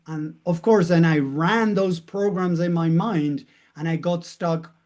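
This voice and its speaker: Earnest man coaching, slightly high voice. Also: darkish tone. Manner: earnest, repeats words for emphasis. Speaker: life coach. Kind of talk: personal storytelling to camera.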